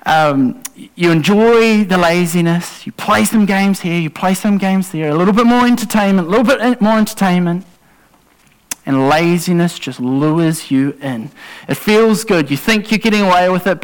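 A man's voice: high-pitched, low-quality recording. A man preaching a sermon to a congregation in a conversational way, with asides and self-corrections. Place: church congregation.

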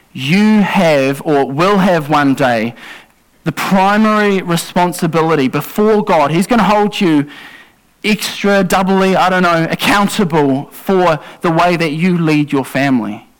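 A man's voice: on the high side, measured pace, poor audio. A man preaching a sermon in a church, earnest and urgent, at times acting out a pleading parent.

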